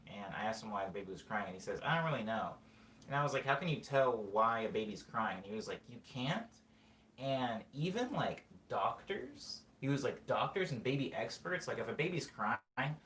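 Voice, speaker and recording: A man's voice: on the low side, fairly bright tone, a little hiss or hum. A man talking through a casual, rambling monologue as host, full of fillers and restarts. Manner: rambling, filler-heavy, self-correcting. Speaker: podcast host. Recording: echoey room with faint ambience.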